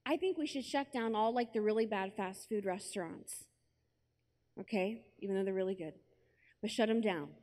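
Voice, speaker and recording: A young American woman giving a personal testimony at a conference, telling her story with lively acted-out asides and quotes. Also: medium pitch, moderate pace. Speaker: conference speaker. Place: large conference hall with an audience.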